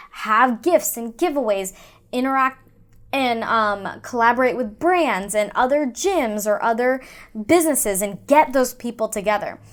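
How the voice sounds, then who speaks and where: A woman chatting as a podcast guest, giving upbeat, emphatic advice. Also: on the high side. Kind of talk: casual podcast chat.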